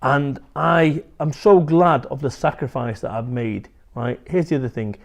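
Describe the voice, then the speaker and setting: Unhurried and medium in pitch, this Englishman is a motivational speaker giving a candid interview. He speaks bluntly and animatedly and doesn't hold back on the swearing.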